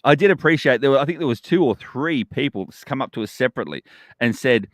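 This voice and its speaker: A man's voice: medium pitch, fast talker, no room sound, studio quality. A man, co-hosting a casual podcast and joking around with his partner. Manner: chatty, teasing, animated storytelling. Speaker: podcast co-host.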